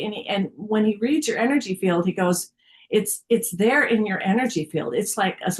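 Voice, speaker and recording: A woman's voice: lowish voice, slight background noise. A woman sharing a personal story in a casual spiritual group, candid and chatty with many fillers.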